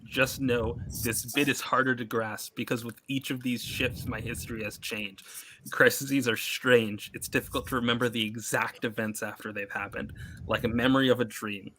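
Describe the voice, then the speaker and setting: A man reading a solemn, weary figure recalling past events slowly. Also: medium pitch, steady tone, fairly bright tone, slight background noise, natural voice.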